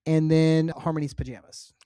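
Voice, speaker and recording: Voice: medium pitch, fairly even intonation, moderate pace, mellow, clear, resonant tone, no echo. Wry podcast co-host on a dry mic. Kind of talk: casual chat, episode recap.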